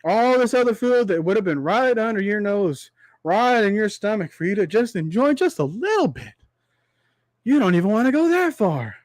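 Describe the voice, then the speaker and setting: High-voiced young man ranting to viewers. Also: sing-song, no echo. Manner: preachy, repetitive rhetorical asides, drawn-out extended metaphor. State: voice tiring from long talk. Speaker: livestream host.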